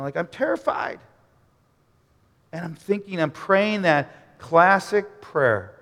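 A man preaching a sermon, telling a story dramatically and swinging from near-shouts to hushed murmurs. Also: fairly high pitch, normal speed, big-room sound. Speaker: pastor.

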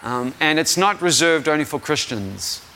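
A young man with a South African accent delivers a loose, rambling sermon, often losing his thread and laughing at himself. His voice sits a bit high for a man. Faint room noise sits behind him. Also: expressive, normal speed, bright, forceful tone. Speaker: guest preacher. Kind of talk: informal sermon.

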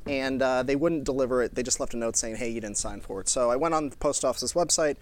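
A man co-hosting a casual podcast, telling a story with lively impressions of the people in it. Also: mid-range voice, fast talker. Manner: animated storytelling, mimics shouting people. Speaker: podcast co-host. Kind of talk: casual chat.

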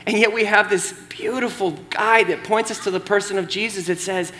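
A young man preaching as pastor in a casual, conversational sermon, with animated asides and frequent "right?" checks to the congregation. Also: high voice, a little fast, hardly any pauses, a little hiss or hum.

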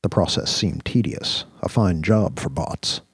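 A male storyteller with a very low, husky voice reads a science-fiction audio drama in a measured, descriptive manner. The recording is close and dry, with no room sound. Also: no echo. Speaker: narrator. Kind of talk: scripted audio-drama narration.

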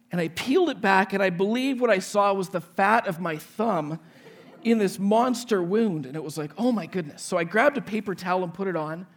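High-voiced man in his forties preaching. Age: 40s. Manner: animated storyteller acting out dialogue. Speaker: pastor. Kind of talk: sermon with personal story.

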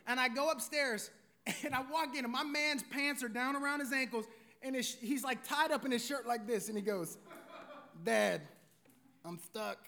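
Preacher guy, middle-aged, real high voice, chatty sermon with lots of "right?" and "y'all". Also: moderate pace, pushed and bright. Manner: conversational preaching with rhetorical questions and Southern slang. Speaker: pastor.

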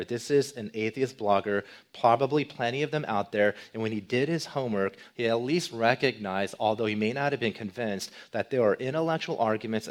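A male pastor giving a sermon, asking rhetorical questions and moving between loud emphasis and quiet, low passages. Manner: animated, swings between loud emphasis and soft low delivery.

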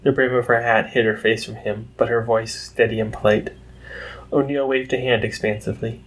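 A man narrating fan fiction aloud in a steady, unhurried way. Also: mid-range voice, rough recording.

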